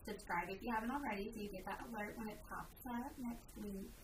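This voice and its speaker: A woman's voice: mid-range voice, brisk. Woman podcast host, distant and noisy. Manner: chatty, wraps up with sign-off. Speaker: podcast host and wedding professional. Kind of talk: casual podcast chat. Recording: distant mic with clear background noise.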